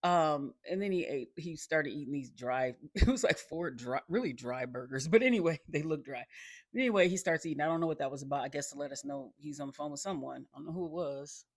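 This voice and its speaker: A man's voice: a little high, fast, dry recording, studio quality. A man casually recapping a TV episode, rambling with lots of ums and restarts and chuckling along the way.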